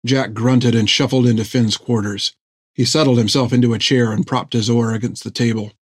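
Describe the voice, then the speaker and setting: A man reads an adventure story aloud in steady, scripted narration. His delivery is even and measured, at a middling pitch. The recording is dry and close. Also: breathy edge, dry recording. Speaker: audiobook narrator.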